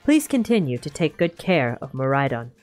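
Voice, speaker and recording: A calm adult male scientist played by a woman speaks in a put-on Russian accent. His delivery is measured and formal, as if giving careful instructions over a video call in a game. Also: rumbling low, soft background music, voice pushed down.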